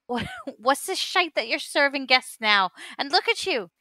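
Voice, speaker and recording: A woman voicing a gruff, bossy male dwarf barkeeper who calls everyone lad and lass. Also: medium pitch, normal speed, pushed and bright, no room sound, natural voice. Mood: scolding.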